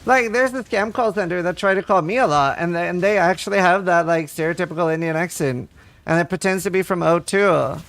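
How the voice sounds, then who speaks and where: A man's voice: sits high, brisk, a bit bright. A man streaming a game and chatting casually with viewers, rambling and full of filler words. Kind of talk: casual livestream chat while gaming.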